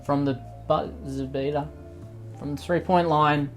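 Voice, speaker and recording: A man's voice: fairly high pitch, fairly even intonation, a little slow. Sarcastic swearing man, faint music. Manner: sarcastic, mocking, swears freely. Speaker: commentary YouTuber. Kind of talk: comedic reaction commentary.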